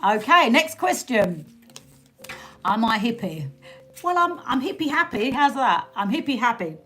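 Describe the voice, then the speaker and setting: A woman's voice: a little high, very animated, measured pace, fairly bright tone. A British woman hosting a casual live stream, chatting and laughing with her viewers and thanking them by name. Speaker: livestream host.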